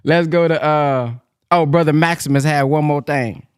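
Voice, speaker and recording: A man's voice: fairly high pitch, fairly even intonation, moderate pace, clear, resonant tone. A man hosting a casual talk show, joking and slangy in his speech. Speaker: host. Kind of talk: casual chat.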